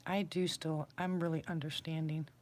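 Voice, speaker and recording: Low-voiced chatty woman livestreaming. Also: steady tone, normal speed, background noise. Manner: rambling, self-deprecating, chatty. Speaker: livestream host. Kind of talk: casual chat with viewers. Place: sitting on a floor indoors.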